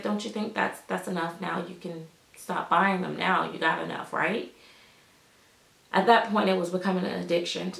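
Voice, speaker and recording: A woman's voice: medium pitch, creaky, echoey room, low-quality recording. A woman vlogger telling a rambling, casual storytime about her doll collecting, acting out what others said. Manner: chatty, rambling, quotes others in animated voices.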